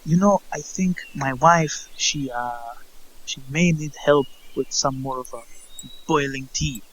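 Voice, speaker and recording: A man voicing a polite male merchant with a mustache who gets easily flustered, speaking in a courteous, halting way. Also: mid-range voice, fairly bright tone, lo-fi sound. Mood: nervous. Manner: courteous, halting, fussing over hospitality.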